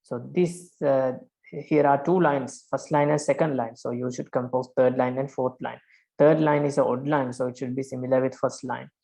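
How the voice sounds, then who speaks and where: Woman teacher, deep low voice, patient and repetitive, spells out syllables slowly. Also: fairly even intonation, gravelly, warm tone. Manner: patient, repeats key words, checks with "right?"; sounds out verse syllable by syllable. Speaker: Pali prosody teacher. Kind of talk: online language lesson.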